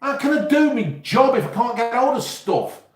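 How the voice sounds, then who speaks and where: A man's voice: extremely high pitch, big pitch swings, normal speed, echoey room. A man with an East Midlands English accent, rambling and swearing casually as he chats to viewers on his live stream. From England. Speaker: YouTube host.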